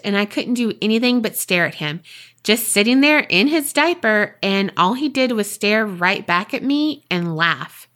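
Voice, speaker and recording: Swearing, animated podcast woman. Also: mid-range voice. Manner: animated, swears freely, laughs often. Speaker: podcast co-host reading listener emails. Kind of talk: casual chat and reading aloud.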